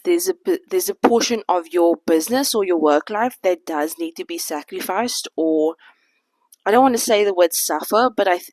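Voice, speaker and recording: A woman's voice: lowish voice, no echo, poor audio. A woman in her thirties talking candidly to camera in a sit-down vlog, reflective and a little out of breath. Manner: candid, reflective, faith-centered. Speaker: vlogger.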